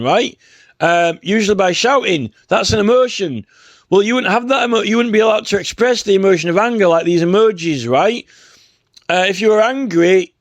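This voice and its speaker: A man's voice: sits high, no echo. A man talking off the cuff in a rambling, sarcastic rant, full of "you know" and "right?". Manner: sarcastic, mocking. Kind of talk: casual spoken rant.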